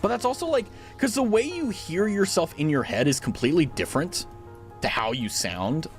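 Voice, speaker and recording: A man's voice: fairly high pitch, animated, normal speed, soft background music. A young man streaming a game at home on a dynamic mic, chatting casually in a rambling, filler-heavy, giggly way. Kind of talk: casual gaming stream chat. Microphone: studio dynamic mic.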